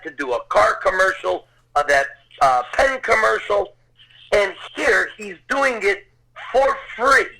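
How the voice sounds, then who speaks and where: A man in his fifties, a podcast guest, telling an excited, gushing anecdote and often repeating himself. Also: sits high, creaky, poor audio. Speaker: podcast guest, Rocky film tour guide. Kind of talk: storytelling anecdote.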